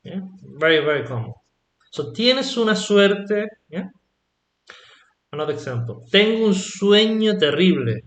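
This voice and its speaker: A man teaching an online Spanish lesson, explaining slowly and patiently and checking in with "yeah?" after his examples. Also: fairly high pitch, big pitch swings, echoey room.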